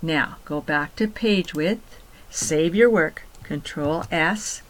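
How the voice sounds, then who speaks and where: A woman teacher giving patient step-by-step instructions in a screen-recorded software tutorial, repeating key points. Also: sits low, takes it slowly, rough recording. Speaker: computer teacher.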